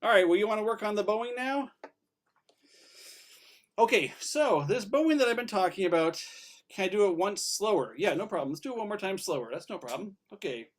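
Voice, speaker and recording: Upbeat high-voiced man teaching fiddle. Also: animated, a little fast. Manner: upbeat, encouraging, counts in and demonstrates. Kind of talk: online fiddle lesson.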